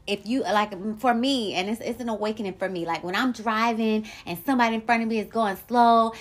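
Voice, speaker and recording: A woman hosting her own podcast, talking in a blunt, profane and animated solo monologue about her life. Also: fairly high pitch, a little fast, few pauses, soft background music. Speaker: podcast host.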